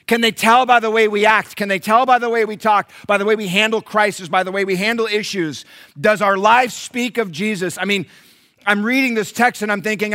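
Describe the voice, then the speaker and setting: A man's voice: high voice, bright, forceful tone. A male pastor preaching a sermon to his congregation, mixing rhetorical questions with humorous personal stories. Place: church before a congregation.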